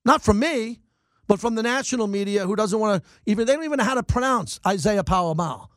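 A middle-aged man hosting sports talk radio, ranting in animated bursts and mocking his critics. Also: high-pitched, dry recording, clean studio sound. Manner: animated, rants and mocks in quick bursts. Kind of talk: fired-up sports talk monologue.

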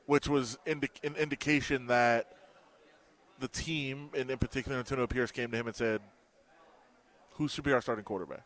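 On a sports radio show, a male co-host with a mid-range voice chats casually at a brisk clip. He's an animated storyteller who acts out the lines of the people he quotes.

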